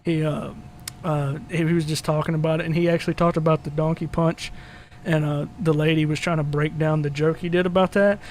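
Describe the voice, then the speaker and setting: A young man with a slightly high voice chats on a casual podcast. He rambles through stories, swearing freely and laughing. A faint hiss sits under the recording. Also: little pitch movement, fairly quick. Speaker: podcast co-host. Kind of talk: casual crude podcast chat.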